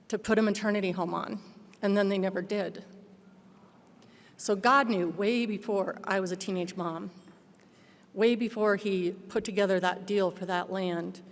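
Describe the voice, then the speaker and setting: A middle-aged woman giving a personal testimony speech as a guest speaker, telling her story in a lively way and acting out what others said. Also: mid-range voice. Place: large banquet hall. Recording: long hall reverb.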